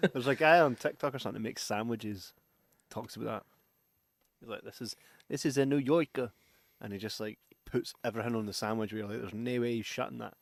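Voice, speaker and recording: Man, casual joking co-host, mid-pitched voice, dry close sound. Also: fairly even intonation, a little fast, gravelly, dry recording. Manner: joking banter, reads out listener comments. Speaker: podcast co-host. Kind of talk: casual film-review chat.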